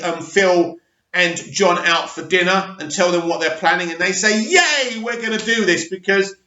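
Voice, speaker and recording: A man rambles eagerly to camera in a high, sharp-edged voice, talking straight to his viewers. His voice bounces around an echoey room, and the sound is dull and lo-fi. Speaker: TV news vlogger. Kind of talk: casual commentary to camera.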